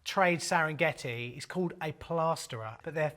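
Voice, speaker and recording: Cheeky man, slightly high voice. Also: normal speed, fairly bright tone. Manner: cheeky banter with crude jokes. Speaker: plumber and channel host. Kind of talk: casual jokey commentary. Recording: faint background music.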